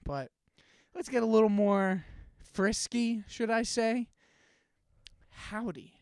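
A young man co-hosting a podcast in casual chat, playful and quick to laugh. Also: high voice, steady tone, smooth, no room sound, clean studio sound. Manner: playful, laughs often, acts out quoted greetings. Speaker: podcast co-host.

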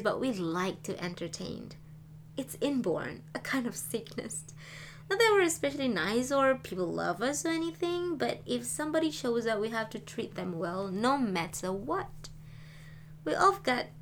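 A woman reading aloud, voicing a chatty, frank young woman who talks in a lively, animated way. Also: fairly high pitch, slight background noise, heavily acted. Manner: animated, talkative. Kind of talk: audiobook reading.

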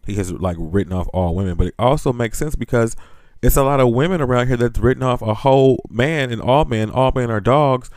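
A podcast host with a mid-range voice talks a little fast on a dry recording. He's animated and sassy, ranting and gossiping bluntly with profanity, laughing often as he goes.

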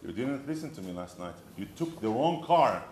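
A man's voice: mid-range voice, big pitch swings, normal speed, a little mellow, slight background noise, pitched below the performer's own voice, natural voice. Brief: an exasperated nagging wife, played by a man, accusing, echoey room. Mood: scolding. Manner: complaining, accusing list of grievances. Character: exasperated scolding wife, adult woman.

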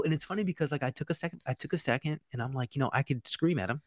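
Speaking very fast in a high-leaning voice, a thirty-something chef spins casual stories peppered with "like," "you know," and the occasional curse. The audio is studio quality with no room sound.

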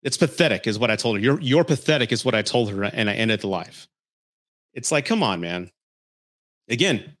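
A male podcast host in a casual, heated rant about dating. He talks bluntly and swears freely, scolding his listeners and breaking into laughter. His voice sits at an ordinary pitch for a man. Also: fairly bright tone. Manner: blunt and profane, laughs often.

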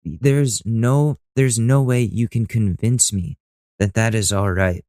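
Young guy ranting and cussing on his podcast, kinda low dark voice, dry close sound. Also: takes it slowly, dry recording. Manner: profane, exasperated, ranting. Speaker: podcast host. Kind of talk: casual rant to camera.

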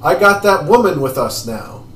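A man's voice: on the high side, big pitch swings, normal speed, fairly bright tone, slight background noise, voice pushed up. A man voicing a sneering, giggly small male bandit, heard in an echoey room. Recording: echoey room, distant mic.

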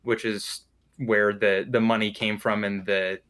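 Male game master narrating a tabletop game, relaxed and descriptive. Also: on the low side, measured pace. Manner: loose, descriptive, with fillers and restarts.

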